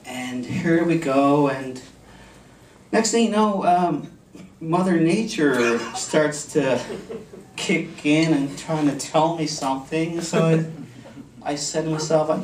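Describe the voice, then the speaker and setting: Male speaker, a bit higher voice, comic storytelling, recorded far off in a hall. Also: takes it slowly, a little hiss or hum. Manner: animated storytelling with audience laughter. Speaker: contest speaker. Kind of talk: humorous contest speech. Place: convention hall. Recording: echoey hall, mic from far off. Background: audience laughter.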